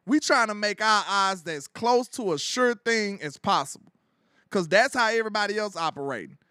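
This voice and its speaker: A man hosting his own sports commentary show, ranting in an animated, slangy way and laughing as he goes. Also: high voice, no room sound, clean studio sound.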